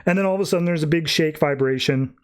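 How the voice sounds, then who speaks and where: A man's voice: a little high, clean tone. A man hosting a podcast, giving a rambling, casual recap of a comic book story. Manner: rambling, breezy summarizing with quick mock voices. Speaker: podcast host.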